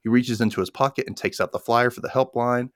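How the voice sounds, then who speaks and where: A man's voice: mid-range voice, fast talker, no room sound, clean studio sound. A man co-hosting a podcast, casually recapping a TV episode scene by scene. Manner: animated retelling, briefly voicing characters' lines. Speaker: podcast co-host.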